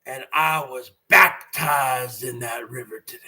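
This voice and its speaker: Gravelly, shouting, bombastic man. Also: medium pitch, a little slow, few pauses. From Washington state. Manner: bombastic preacher-like boasting, taunting trolls. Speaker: YouTube channel host. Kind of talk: shouted wrestling-style promo to camera.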